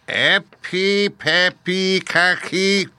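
A fierce, commanding old witch from a storybook, as a male narrator puts her on, pitched high above his own voice. She chants and gives orders loudly, with a bright, forceful edge. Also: animated, slow pace, no room sound, full character voice. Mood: chanting. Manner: shrill incantations and loud commands.

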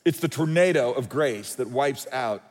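A man's voice: medium pitch, lively intonation, normal speed, darkish tone. Man preaching in a reverberant hall. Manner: conversational storytelling with restarts. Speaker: pastor. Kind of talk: sermon. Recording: long reverb of a large hall.

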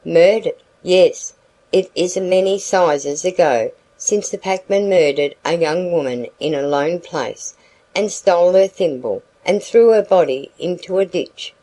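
Woman reading a stern suspicious wife, prim and scolding, slow delivery. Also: on the low side, mellow, poor audio. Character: severe suspicious older wife, sharp-tongued.

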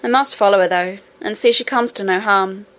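A woman voicing a brave, practical young miner boy in a storybook reading, with brisk, matter-of-fact speech. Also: mid-range voice, a bit bright, close to an everyday voice. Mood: plucky.

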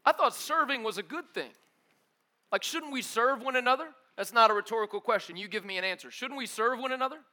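A young adult pastor delivers a sermon casually and energetically, talking fast and throwing in slang like "dude" and "bro." He swings between loud, emphatic bursts and quiet, low asides.

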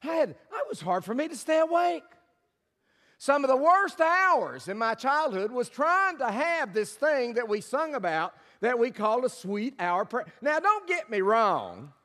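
A guest speaker preaches a folksy, humorous sermon in a church sanctuary, leading the congregation in call and response as they repeat his words back. His voice is very high-pitched and sharp, with big pitch swings and an unhurried pace. Long church hall reverb fills the recording.

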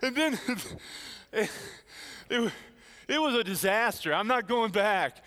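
A man's voice: high-pitched, animated, slow, bright, forceful tone, in a large hall. An older man preaching a sermon as a pastor, telling a self-deprecating story with many restarts. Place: church sanctuary.

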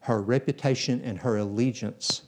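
A man's voice: medium pitch, fairly even intonation, normal speed. A man preaching a sermon in a church, telling Bible stories in a folksy way and acting out the characters. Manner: folksy storytelling, acts out biblical characters.

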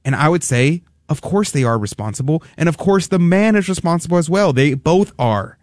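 A man's voice: a little high, lively intonation, a little fast, a little mellow, dry recording, clean studio sound. A man hosting a talk radio show, arguing emphatically and acting out mocking quotes.

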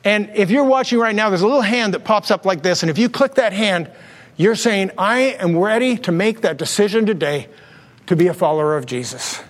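Lively-pitched preacher in a reverberant church. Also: male voice, brisk. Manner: animated storyteller, mimics voices in quotes. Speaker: pastor. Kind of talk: sermon with storytelling. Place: church sanctuary with long reverb.

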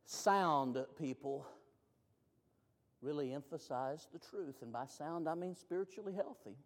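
A preacher with a fairly high voice who takes his time, his words drawn out slowly. He swings from hushed, low lines up to loud, rising climaxes. The sound rings out with the long reverb of a big church hall. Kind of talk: sermon.

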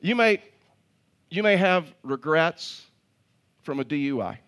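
A man preaches a sermon, telling stories to his congregation. His voice sits a little high for a man. He often repeats a word as he restarts a phrase and chuckles at his own jokes. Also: expressive, takes it slowly, a bit bright, clean tone. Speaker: pastor.

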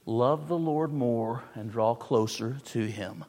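A man's voice: medium pitch, slow, few pauses, a little mellow. A man preaching a sermon, emphatic, repeating phrases and stressing words in turn. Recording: long hall reverb.

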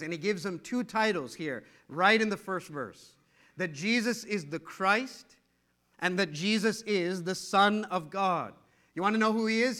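Middle-aged pastor guy preaching, high bright voice, animated and emphatic. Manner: animated, repetitive storytelling, emphatic. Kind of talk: sermon.

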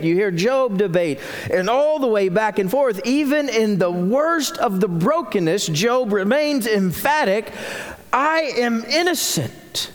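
A man preaching a sermon as senior pastor, telling the story in an animated way with frequent restarts. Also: sits high, long reverb tail.

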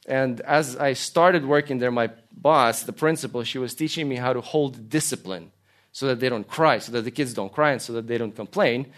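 A man's voice: mid-range voice, moderate pace, a bit bright. A man preaching a sermon, earnest, telling stories and asking rhetorical questions. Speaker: pastor.

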